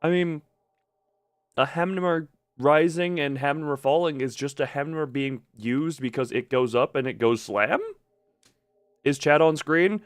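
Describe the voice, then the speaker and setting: A man's voice: a little high, measured pace, no room sound, studio quality. A young man streaming a game, chatting casually in a rambling, jokey way and tripping over his words. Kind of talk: casual live-stream chat while gaming.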